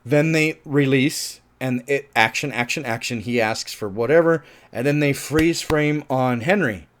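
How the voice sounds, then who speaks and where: A man giving a casual film review monologue, animated and profane, laughing at his own points and turning loud when he finds something absurd. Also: medium pitch.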